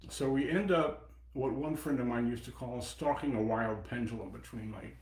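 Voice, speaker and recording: A man in his seventies giving a dharma talk as a Buddhist teacher, reflective, pausing and personal. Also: mid-range voice, darkish tone. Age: 70s. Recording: echoey meeting room.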